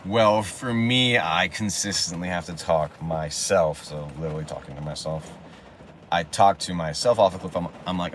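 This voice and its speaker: A man vlogging to camera in a reflective, personal way, halting often with pauses and fillers. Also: deep voice, a little hiss or hum.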